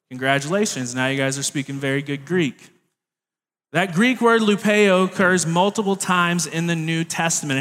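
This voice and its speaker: Young male preacher, chatty sermon delivery, light humor, slightly high voice, long church-hall reverb. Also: a bit bright. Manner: conversational, jokey asides to the congregation.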